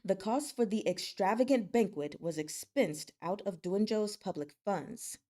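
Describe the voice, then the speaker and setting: A woman's voice: mid-range voice, animated, unhurried, mellow. A woman voicing a stern young male lord who speaks in cold, cutting, emphatic words in a read-aloud novel. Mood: scornful.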